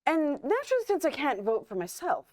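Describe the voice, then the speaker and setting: A woman player speaking in a drawn-out, mock-formal theatrical manner during improvised storytelling. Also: high voice, wildly swooping pitch.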